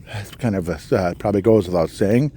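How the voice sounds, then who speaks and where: A man hosting a podcast, walking outdoors through a cemetery and musing aloud with pauses, slightly out of breath. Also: lowish voice, mellow, slight background noise. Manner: musing, halting, reads out names and dates. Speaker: podcast host. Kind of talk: walking tour commentary.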